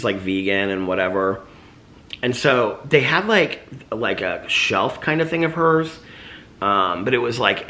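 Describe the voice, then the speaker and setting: A man talks through his day in a loose, rambling vlog, full of fillers and restarts. His voice sits on the low side but sounds bright and forward. A slight lisp shows up now and then because his mouth is sore. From United States. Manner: rambling, chatty, filler-heavy. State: sore mouth after tooth removal. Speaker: vlogger. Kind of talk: casual daily vlog chat.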